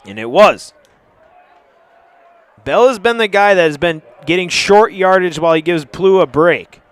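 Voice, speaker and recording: A man calling a live high school football game play by play, brisk and chatty, surging to shouts on big plays. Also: animated, clear, resonant tone, no echo. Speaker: play-by-play announcer.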